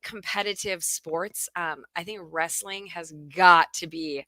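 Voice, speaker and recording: Lively storytelling woman co-host, bright and slightly low voice, close dry mic. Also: a little slow, dry recording. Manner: lively, storytelling, self-deprecating. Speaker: podcast co-host, mother and youth coach. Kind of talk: casual chat.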